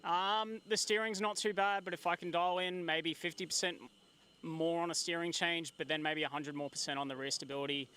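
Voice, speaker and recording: Bright-voiced racing driver, relaxed. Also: male voice, fairly high pitch, brisk, clear, resonant tone. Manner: relaxed, modest, technical. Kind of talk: trackside interview.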